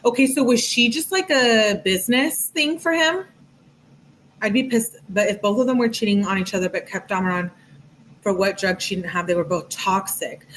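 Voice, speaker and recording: A woman's voice: medium pitch, a bit bright, a little hiss or hum, low-quality recording. Chatty woman reading texts aloud. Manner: chatty, reads texts aloud with frequent asides. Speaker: true crime commentator. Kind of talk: casual commentary reading text messages.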